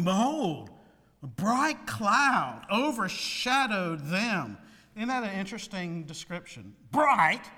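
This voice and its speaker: A man delivers a sermon in a high, lively voice that swoops up and down with dramatic emphasis. He takes his time, letting each phrase land. The sound rings with the long reverb of a large hall. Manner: animated preaching with dramatic swings in pitch and loudness. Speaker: pastor.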